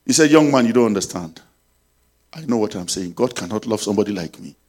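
A man preaching a sermon, telling a story and leading prayer, swinging between loud and soft. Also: fairly low pitch, expressive, quick pace.

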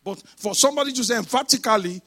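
A man preaching a sermon, emphatic, moving between shouted exhortations and quiet asides. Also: extremely high pitch, fast talker.

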